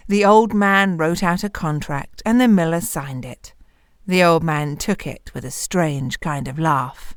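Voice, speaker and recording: A woman narrating a dark fairy tale in an expressive storytelling manner. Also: low-pitched, measured pace, no echo, clean studio sound.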